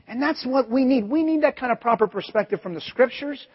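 Middle-aged male pastor, husky high voice, conversational sermon, dull lo-fi church recording. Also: lively intonation, a little fast. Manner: conversational storytelling with acted asides. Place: church sanctuary. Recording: echoey church hall, dull lo-fi audio.

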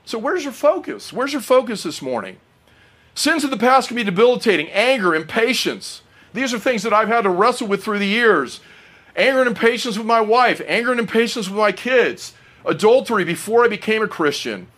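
A man's voice: high voice, animated, fairly quick, fairly bright tone. A middle-aged man preaching a sermon, earnest and personal, often asking the congregation questions.

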